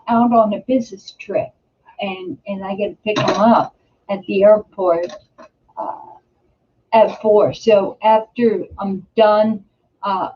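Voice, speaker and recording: A middle-aged woman hosting a casual live stream from home, rambling with lots of fillers and restarts. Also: mid-range voice. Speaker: host. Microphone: webcam or computer mic. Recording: slightly dull, lo-fi home webcam audio.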